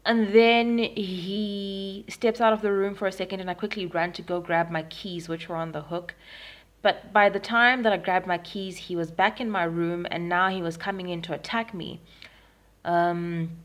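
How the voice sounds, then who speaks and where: A woman's voice: on the low side, fairly even intonation, normal speed. A young Zimbabwean woman recording a personal video diary at home, retelling events frankly with frequent ums. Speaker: vlogger. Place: at home in Harare.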